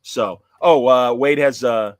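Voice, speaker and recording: A man's voice: mid-range voice, slow, no room sound. A man hosting a podcast in casual chat, rambling and self-deprecating, often slipping into voices. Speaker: podcast host.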